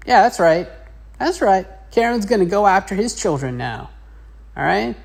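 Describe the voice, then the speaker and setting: A woman's voice: medium pitch, very animated, normal speed, gravelly. A woman teacher narrating a casual drawing lesson in a chatty, rambling way. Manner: chatty, rambling, with many fillers.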